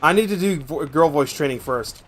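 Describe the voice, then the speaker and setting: A young man with a gravelly voice, streaming a game from home and chatting in a rambling, profane way. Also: a little high, normal speed, slight background noise. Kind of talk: casual gameplay chat.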